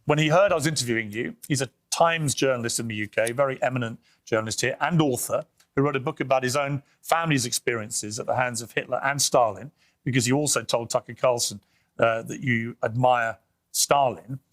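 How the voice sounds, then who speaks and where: A man's voice: mid-range voice, fairly quick, fairly bright tone. A man interviewing a guest, putting questions in a pointed, assertive way. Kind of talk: broadcast interview.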